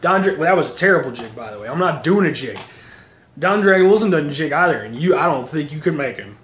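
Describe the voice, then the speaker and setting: High-voiced sarcastic guy recapping movies. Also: expressive, fast, fairly bright tone. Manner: sarcastic, profane, mocking voices. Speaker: movie reviewer. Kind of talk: casual rambling movie recap. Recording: echoey room, faint noise.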